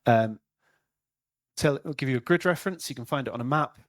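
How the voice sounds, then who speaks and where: A man's voice: medium pitch, brisk, no room sound. A man with a North Welsh accent giving a presentation talk, using dry, self-mocking humour and frequent ums. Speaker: place-name researcher giving a talk.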